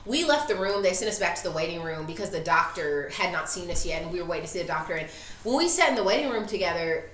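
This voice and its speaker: A woman in her thirties telling a story in casual chat, animated and acting out the voices she quotes. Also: fairly low pitch, fast talker, slight background noise. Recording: echoey room.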